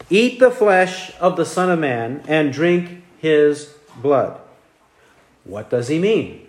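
A man delivers a verse-by-verse sermon in a high, measured voice, pressing his points with rhetorical questions and repetition. He speaks slowly and deliberately. The sound carries a noticeable room echo. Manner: emphatic, repeats key phrases, rhetorical questions. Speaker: preacher. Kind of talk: expository sermon.

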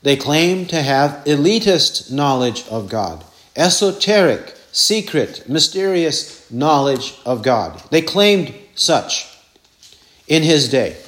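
A man's voice: a little high, lively intonation, slow, fairly bright tone. A man preaching an expository sermon, repeating verse references and asking rhetorical questions.

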